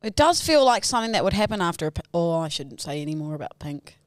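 A woman's voice: lowish voice, very animated, quick pace, no echo, clean studio sound. A young woman co-hosting a podcast, trading playful, teasing banter in casual chat. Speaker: podcast co-host.

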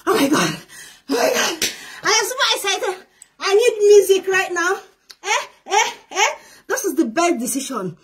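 A woman promoting her network marketing business in an excited live video, shrieking with joy, laughing often and repeating herself. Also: very high voice, normal speed. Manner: shrieking, exuberant, repetitive; laughs often while talking.

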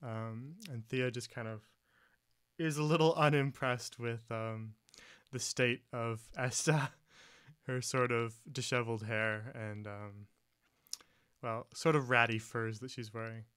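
A man narrating as game master of a tabletop game, relaxed and chuckling, with many pauses. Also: medium pitch, clear, resonant tone.

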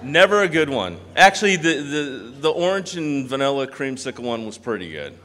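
A man giving a memorial speech, telling animated anecdotes and mimicking voices. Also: medium pitch, normal speed, slight background noise. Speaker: eulogy speaker. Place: large hall. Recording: long hall reverb.

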